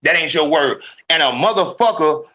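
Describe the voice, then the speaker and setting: A man hosting a live podcast, ranting in a profane, emphatic, animated way. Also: fairly high pitch, moderate pace, dull audio. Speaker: podcast host. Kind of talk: heated live podcast rant.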